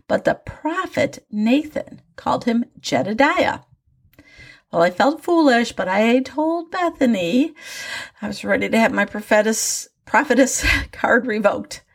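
An older woman with a gravelly, husky voice tells a personal faith story about her grandchildren. Her pitch moves a lot, rising and falling as she goes. She sounds reflective and wry, and often pokes fun at herself. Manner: reflective, wry, self-deprecating.

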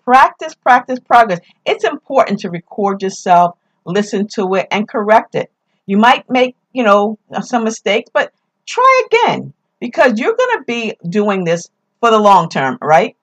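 A woman's voice: medium pitch, lively intonation, moderate pace. A woman with a New York accent hosting a podcast, giving casual tips in an upbeat, emphatic way and repeating her key phrases. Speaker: podcast host.

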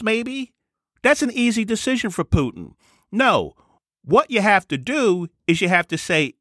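A man's voice: a little high, sharp tone, no echo, clean studio sound. A man giving an opinion commentary monologue as a vlogger, talking emphatically and repeating his key points.

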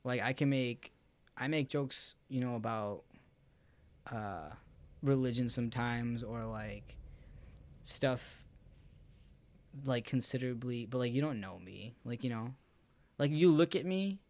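A man's voice: mid-range voice, measured pace, pauses often. A young man in casual podcast conversation, talking in a loose, rambling way full of fillers. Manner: relaxed, rambling, heavy on filler words.

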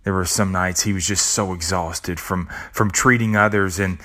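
A man's voice: sits low, steady tone, moderate pace, pushed and bright. A middle-aged man hosting a podcast, speaking an earnest, reflective monologue with casual swearing and restarts. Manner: earnest, with blunt casual swearing and repeated words. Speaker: podcast host.

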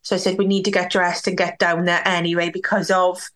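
A woman's voice: on the low side, flat delivery, a little fast, a bit bright. A young woman from Wales, a podcast guest candidly telling a personal story. She uses many "like"s and acts out what others said. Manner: candid, talks with many "like"s and acts out quoted dialogue.

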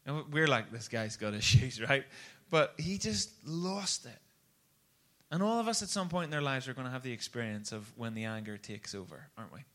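A man preaching a sermon, telling a story in an animated, conversational way. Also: medium pitch, normal speed.

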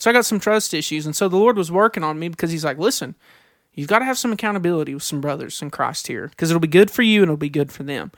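A man co-hosting a faith podcast, telling personal stories earnestly and reading scripture slowly. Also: high-pitched, fairly bright tone, no echo, clean studio sound. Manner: earnest, reads scripture slowly, confessional storytelling. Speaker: podcast co-host.

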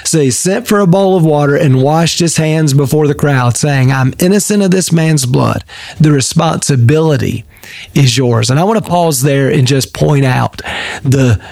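Male pastor, devotional teaching, earnest and emphatic, voice sitting a bit high. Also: normal speed, vocal fry, a little mellow, dry recording. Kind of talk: daily devotional Bible teaching.

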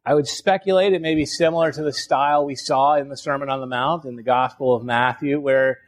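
A man's voice: medium pitch, steady tone, fairly quick. A man teaching a Bible lesson in a conversational way, often restarting phrases and checking in with "right?".

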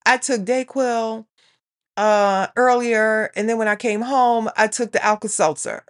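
A woman's voice: fairly high pitch, measured pace. A middle-aged woman telling a rambling everyday story in a casual vlog, often quoting herself. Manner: chatty, rambling, quotes herself and her daughter. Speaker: vlogger.

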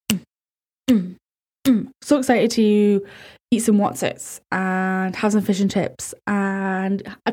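A Scottish woman hosting a podcast, chatting in a bubbly, rambling, excitable way. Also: mid-range voice. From Scotland. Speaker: podcast host. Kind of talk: casual chat.

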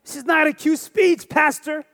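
A man in his forties preaches a sermon in an unusually high voice. He leans on repeated phrases and throws rhetorical questions at his listeners with emphatic force. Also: fairly even intonation, normal speed, fairly bright tone. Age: 40s. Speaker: pastor.

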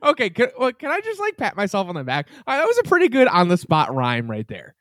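A man co-hosts a casual podcast, quick with playful, teasing comebacks. His voice is rather high for a man and leaps around lively in pitch. The recording is dry and close. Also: no echo. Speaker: podcast co-host. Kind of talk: casual chat.

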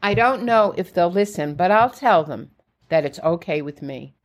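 A woman's voice: fairly low pitch, expressive, normal speed, close to an everyday voice. A woman reading the lines of a fussing, anxious mother, in her own voice.

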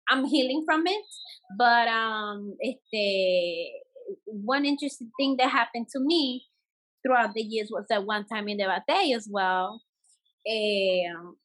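A slightly high, fairly bright female voice comes through a rough recording as she recounts her story in a relaxed way. A Spanish-speaking bomba dancer being interviewed, she drops in Spanish words, keeps restarting sentences, and laughs while she talks.

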